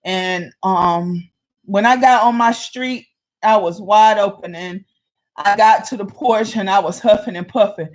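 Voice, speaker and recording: Woman vlogger telling a story, chatty and animated, does the voices. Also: medium pitch, measured pace. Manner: animated, acts out the people in her story. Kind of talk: casual storytelling.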